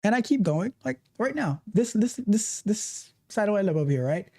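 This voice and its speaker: A woman's voice: mid-range voice, sing-song, moderate pace, mellow. A woman coach giving a motivational talk, speaking emphatically, repeating her points and acting out how people react. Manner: emphatic, repetitive, acts out quoted reactions.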